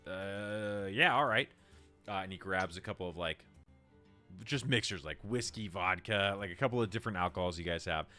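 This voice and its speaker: A man's voice: sits low, brisk, bright, forceful tone, soft background music. A man narrating as game master in a casual, filler-heavy way.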